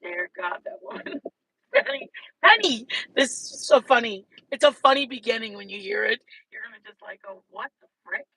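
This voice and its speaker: A woman's voice: a little high, big pitch swings, normal speed, vocal fry, pushed and bright, slightly rough, no room sound, low-quality recording. A woman hosting a casual livestream chat, gushing and rambling between bursts of laughter, speaking into wireless earbuds. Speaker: channel host.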